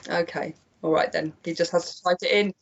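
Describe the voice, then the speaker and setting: Older woman, psychic medium, chatty and gentle, live-stream readings, dull lo-fi audio. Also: on the low side, steady tone, fairly quick, a little hiss or hum. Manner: chatty and gentle, calls people "my lovely".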